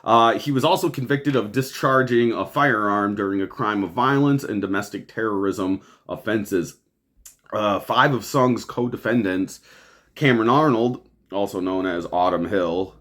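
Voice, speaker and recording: A man's voice: on the low side, normal speed, fairly bright tone. A man hosting a podcast, ranting over the news in a profane, exasperated way and laughing often. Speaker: podcast host.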